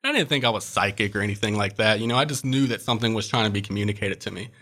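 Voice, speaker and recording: Earnest young man with a bright voice. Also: fairly low pitch, very fast. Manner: earnest, reflective, frequent "uh" fillers. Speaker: guest. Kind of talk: personal testimony in interview.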